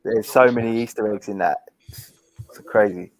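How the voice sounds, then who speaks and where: A man in casual chat, animated, swearing freely and often laughing. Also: on the low side, moderate pace, low-quality recording. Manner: animated, swears, bursts into laughing and mock quotes.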